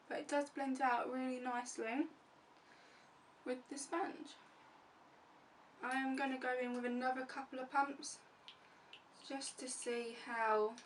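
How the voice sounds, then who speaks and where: A woman beauty vlogger chatting casually through a makeup tutorial, narrating each step as she goes. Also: on the high side. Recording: distant mic with faint room noise.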